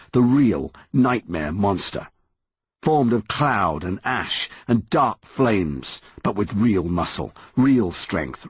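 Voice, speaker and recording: A man's voice: lowish voice, breathy edge, no echo, lo-fi sound. A man narrating an audiobook in a dramatic, tense reading. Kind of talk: scripted narration.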